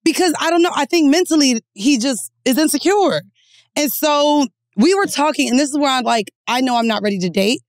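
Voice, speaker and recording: A woman co-hosting a podcast, telling stories in a blunt, profane, animated way. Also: sits high, fairly quick, no echo, clean studio sound. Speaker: podcast co-host. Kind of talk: candid casual chat.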